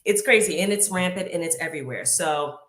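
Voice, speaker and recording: A woman's voice: fairly low pitch, fairly quick, a bit bright. A woman from Boston speaking as a guest in a casual panel discussion, earnest and conversational. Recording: echoey room sound.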